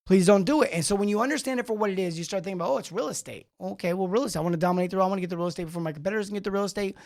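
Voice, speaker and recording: Animated man coaching plumbing business owners. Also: sits high, rapid-fire, creaky. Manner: animated, rambling, talks back to live chat. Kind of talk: live-streamed coaching talk.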